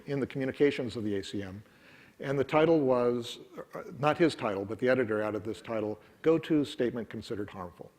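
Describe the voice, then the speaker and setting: In a conference room, a middle-aged man with a medium-pitched, slightly mellow voice gives a technical talk. His delivery is wry and conversational, peppered with ums and uhs.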